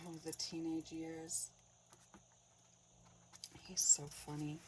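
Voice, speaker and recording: A woman in a casual crafting chat who tells stories, laughs often and drops into soft whispered asides. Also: fairly low pitch, steady tone, slow, pauses often, distant mic, a little hiss or hum, low-quality recording. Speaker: craft vlogger.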